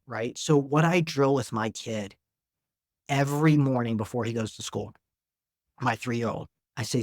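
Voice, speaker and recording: A man's voice: medium pitch, a little slow, dry recording, studio quality. A man in his thirties, a psychiatrist talking as a guest in an interview, earnest and conversational, tagging "man" and "right?" onto his points. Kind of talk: casual interview talk.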